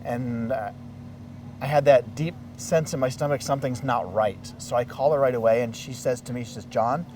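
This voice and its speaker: A man being interviewed outdoors in a neighborhood, telling a personal story in an animated way and acting out what people said. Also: mid-range voice, moderate pace, distant mic, background noise. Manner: animated, acts out quoted dialogue. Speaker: interviewee, local resident.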